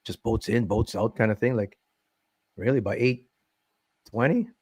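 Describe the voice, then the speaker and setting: A man's voice: mid-range voice, normal speed, darkish tone, slightly rough, no echo. A man hosting a casual fishing podcast, rambling and laid-back, calling everyone "man". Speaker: podcast host. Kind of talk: casual chat. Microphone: desk podcast mic.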